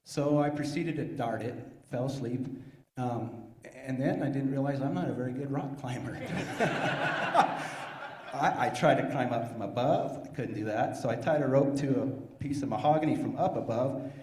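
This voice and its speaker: A man's voice: mid-range voice, normal speed, warm tone. Man telling a story in an echoey hall. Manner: laughing, self-deprecating storyteller. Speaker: panelist. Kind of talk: storytelling at a panel. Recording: echoey hall with long reverb.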